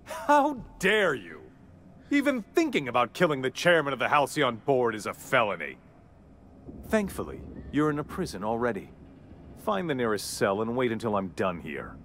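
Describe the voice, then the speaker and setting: A man's voice: mid-range voice, big pitch swings, moderate pace, fairly bright tone, a little hiss or hum. An actor playing a pompous, ruthless corporate chairman villain in a video game, haughty and sneering, swearing coldly. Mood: contemptuous.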